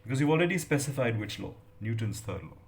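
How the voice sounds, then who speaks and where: A man's voice: mid-range voice, very animated, fast talker, vocal fry. A middle-aged man, giving a lecture on academic writing with many fillers and checks of "right?". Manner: hesitant, many fillers and tag questions. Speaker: English lecturer.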